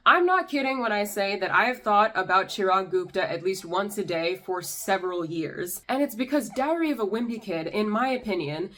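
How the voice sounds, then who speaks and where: A woman's voice: mid-range voice, moderate pace, hardly any pauses, fairly bright tone. Sarcastic young woman ranting to camera. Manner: sarcastic, exasperated. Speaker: YouTube commentator. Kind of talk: ranting commentary vlog.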